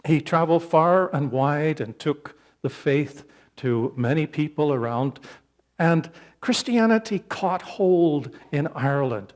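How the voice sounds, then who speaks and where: Slow, unhurried male pastor preaching. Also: on the high side, animated. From Canada. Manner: slow, earnest storytelling with frequent hesitations. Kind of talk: sermon. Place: church sanctuary.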